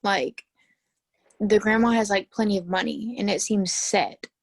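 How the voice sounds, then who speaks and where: A woman's voice: mid-range voice, unhurried, dry recording. A teenage girl on a video call, chatting emphatically about a book with classmates. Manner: emphatic, talkative. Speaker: student in book discussion. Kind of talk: casual video call discussion.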